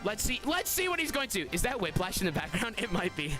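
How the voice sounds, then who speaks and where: A young man streaming live, hosting a game tournament and talking to his chat excitably, repeating "guys" and yelling at surprises. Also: sits high, quick pace, music in the background.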